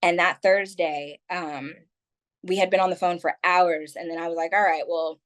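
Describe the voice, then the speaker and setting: A woman's voice: on the low side, steady tone, normal speed, a bit bright, smooth. A woman guest on a podcast, telling a personal story in candid, rambling conversation full of "like" and "um".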